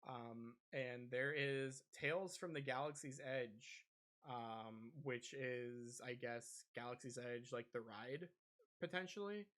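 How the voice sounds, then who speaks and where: Speaking slowly in a mid-range, fairly bright voice, a male gaming podcast co-host chats casually. He meanders, often restarting and leaning on fillers.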